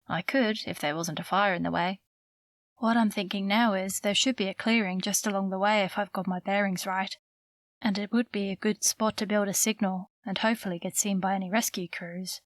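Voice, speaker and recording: A woman narrator voicing a kindly old bearded man who lives in the woods, speaking gently in an audiobook. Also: medium pitch, fairly even intonation, no echo, natural voice. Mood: hopeful. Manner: gentle, unhurried.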